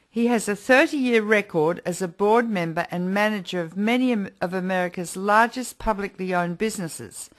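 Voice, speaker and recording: A woman hosts a radio interview show. Her voice sits in a middle register, and she introduces the guest in an earnest, emphatic way before turning to easy conversation. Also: medium pitch.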